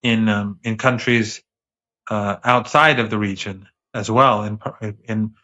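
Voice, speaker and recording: A man with a fairly low voice gives fast, insistent commentary as a guest analyst. He fires off rhetorical questions and restarts his sentences often. The remote audio sounds dull and lo-fi. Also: steady tone, sharp tone.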